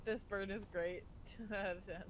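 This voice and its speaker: A woman's voice: mid-range voice, fairly even intonation, normal speed, a little hiss or hum, rough recording. A woman playing a tabletop game in casual chat, giggly and swearing freely, tripping over words.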